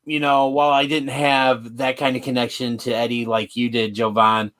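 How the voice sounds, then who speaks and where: Man, podcast co-host, halting speech, many restarts, middle pitch. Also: level tone, fairly bright tone. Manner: halting, full of restarts and fillers. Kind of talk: casual podcast chat.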